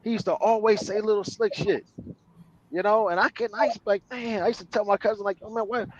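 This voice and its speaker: Brief: male storyteller, higher voice, slangy and loose, dull dry lo-fi sound. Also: steady tone, fast, a little hiss or hum. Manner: loose, slangy street storytelling with many fillers. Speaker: panel guest. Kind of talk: storytelling on an audio panel.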